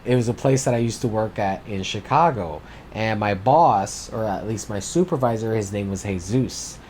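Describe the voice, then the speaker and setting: A man's voice: on the low side, normal speed, a little mellow, a little hiss or hum. A man co-hosting a podcast, telling stories in loose, casual chat with heavy swearing. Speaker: podcast co-host.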